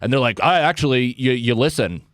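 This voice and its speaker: A man's voice: medium pitch, lively intonation, brisk, fairly bright tone, dry recording, studio quality. A man, a comedian, talking candidly and with plenty of swearing in a casual podcast chat. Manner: candid, profane, self-deprecating. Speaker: comedian guest.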